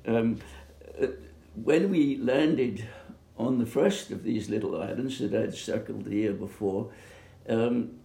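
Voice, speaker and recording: An older man from Bermuda recalling his youth in an oral history interview, speaking haltingly with many pauses and fillers. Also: medium pitch, vocal fry, warm tone. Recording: echoey room.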